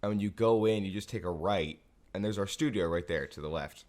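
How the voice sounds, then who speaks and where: A man's voice: low-pitched, fairly quick, darkish tone. Tired young man telling a story. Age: young adult. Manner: laid-back storytelling with frequent laughs. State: tired, just woke up. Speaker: podcast co-host. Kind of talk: casual chat.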